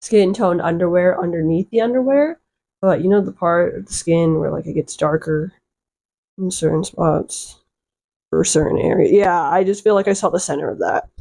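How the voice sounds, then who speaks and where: Mellow-voiced woman doing sarcastic commentary. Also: fairly low pitch, normal speed, creaky. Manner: sarcastic, rambling, laughs at herself. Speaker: video essay commentator. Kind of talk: casual commentary.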